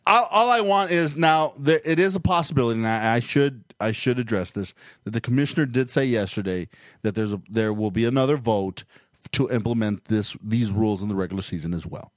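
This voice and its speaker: A man's voice: medium pitch, animated, a little fast, no echo, studio quality. A man co-hosting a casual sports talk show, emphatic and riled up, repeating his points. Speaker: co-host.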